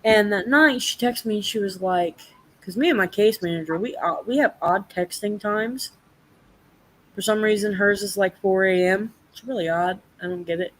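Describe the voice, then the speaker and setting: A woman's voice: mid-range voice, moderate pace, rough recording. Young woman ranting in a casual live chat, swears a lot, acts out every quote. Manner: profane, animated storytelling.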